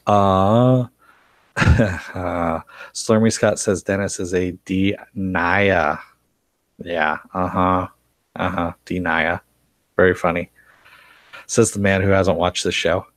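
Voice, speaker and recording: A man hosts a relaxed live-stream recap of a TV series in a deep, steady voice, speaking slowly with long pauses and no echo. He reads out comments from chat, chuckles frequently, and rambles, restarting and using many fillers.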